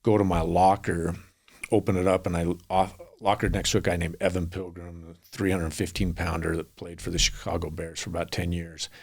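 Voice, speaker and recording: A man's voice: low voice, level tone, fairly quick, gravelly, a little mellow. A middle-aged man, a podcast guest, telling long earnest stories in a rambling way. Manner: earnest, rambling anecdotes with acted quotes. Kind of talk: storytelling in a podcast interview.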